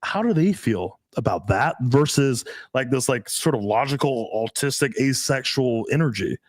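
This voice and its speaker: A man's voice: medium pitch, moderate pace, no room sound. A male dating coach talks through a podcast chat, swinging his voice up and down as he pushes his points. He swears freely and speaks in a middle register. The room is dry and close. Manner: animated, profane, emphatic.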